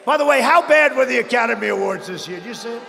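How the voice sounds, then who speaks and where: A man giving a rambling, boastful campaign rally speech, often breaking into shouts. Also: very high voice, expressive, quick pace, gravelly, a faint crowd, a little hiss or hum. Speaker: political speaker at a rally. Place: large rally hall. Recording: echoey hall with long reverb.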